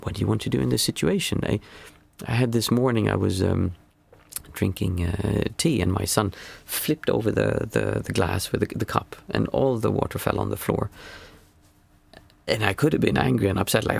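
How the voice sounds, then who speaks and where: A man giving a calm, musing spiritual talk as a meditation teacher, often restarting his sentences. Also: lowish voice, a little fast, vocal fry, slightly rough, no room sound.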